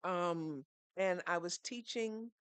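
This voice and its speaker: A woman's voice: lowish voice, takes it slowly, smooth, no echo. A woman, speaking as a podcast guest who tells her story in an earnest, teaching way and poses rhetorical questions. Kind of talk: storytelling conversation.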